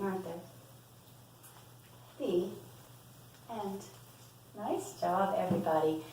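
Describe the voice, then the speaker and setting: A woman's voice: mid-range voice, slight background noise. A woman preschool teacher reading a story aloud to young children and leading them in play, asking sing-song questions. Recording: echoey room, voice from far off.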